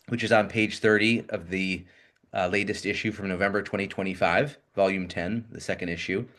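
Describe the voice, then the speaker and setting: A man's voice: fairly low pitch, fairly bright tone. A man hosting a journal podcast, formally introducing his guest and reading out an article title. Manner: formal, reads the title carefully. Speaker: podcast host and journal editor. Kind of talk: scripted introduction.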